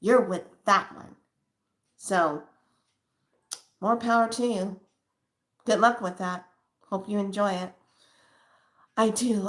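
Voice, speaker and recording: A woman's voice: medium pitch, steady tone, a little slow, pauses often. A woman hosting a spiritual channel, talking casually and emphatically to her viewers with a preachy edge and spontaneous asides. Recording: echoey room.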